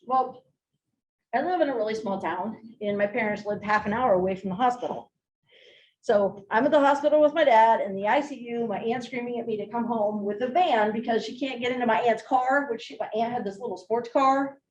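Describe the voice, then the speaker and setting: A woman giving a training talk, telling a story in an animated way and speaking straight to the audience. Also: a little high, brisk, highs cut off, a little hiss or hum. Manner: animated, laughing, addresses the audience directly. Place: large room with an audience. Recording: echoey room, voice from a distance.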